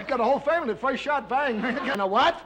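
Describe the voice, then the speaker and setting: A man's voice: very high voice, brisk. An actor playing a nervous middle-aged expectant father in a 1960s TV sketch, repeating himself and laughing nervously. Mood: excited. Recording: old TV broadcast, loud studio audience, noisy.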